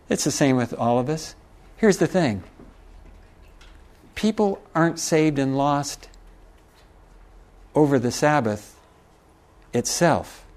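A man's voice: on the high side, expressive, takes it slowly, long pauses, a little mellow. A middle-aged man preaching a sermon, telling a folksy story with chuckles and asides to the congregation. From Texas.

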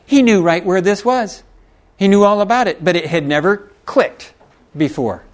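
A middle-aged preacher tells stories from the pulpit in a folksy way, chuckling and turning to the congregation with asides. His voice sits somewhat high for a man. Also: lively intonation, normal speed. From Texas. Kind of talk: sermon.

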